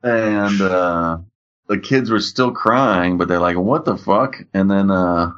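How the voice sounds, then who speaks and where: Low-voiced male co-host, crude rambling storyteller, dull lo-fi audio. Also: slow pace, fairly bright tone, smooth. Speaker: podcast co-host. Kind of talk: casual chat.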